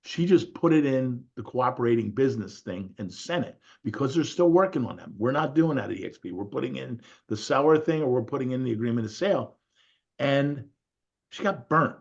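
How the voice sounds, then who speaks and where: Man, husky voice, animated storytelling, casual call chat, dull lo-fi audio. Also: medium pitch, fairly quick. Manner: animated storyteller, quoting others. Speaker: real estate agent. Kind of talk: casual group call talk.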